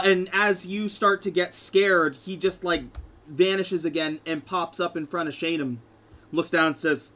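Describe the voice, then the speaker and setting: Bright-voiced man narrating as game master. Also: sits high, fairly even intonation, measured pace. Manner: rambling, full of fillers like "like" and "um".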